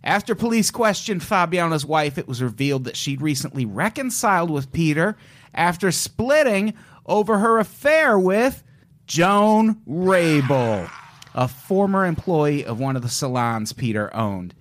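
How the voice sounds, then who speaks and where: A man's voice: on the high side, very animated, a little slow. A man co-hosting a podcast, telling a crime story in a casual, joking way. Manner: joking, storytelling, puts on an old-timey voice at times. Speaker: podcast co-host.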